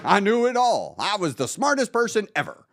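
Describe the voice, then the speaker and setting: Male live-stream host, blunt and profane, lively pitch, dry mic. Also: moderate pace, dry recording. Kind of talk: casual motivational talk.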